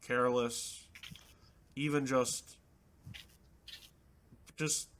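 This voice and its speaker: A man voicing a gruff but caring male mercenary leader who talks earnestly and reassuringly. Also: mid-range voice, steady tone, drawn-out words, a bit bright, slight background noise.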